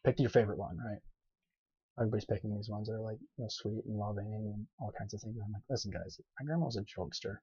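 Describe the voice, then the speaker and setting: A man, a podcast guest, telling stories in casual chat, animated, with lots of fillers and laughter in his lines. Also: fairly low pitch, quick pace, breathy edge, dry recording. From grew up on a farm. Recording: dull lo-fi podcast audio.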